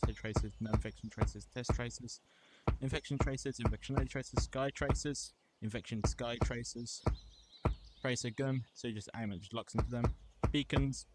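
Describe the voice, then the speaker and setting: Young guy, casual game walkthrough, clipped offhand listing, mid pitch, heavy background noise. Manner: reads out menu items in short bursts, offhand. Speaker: gameplay reviewer.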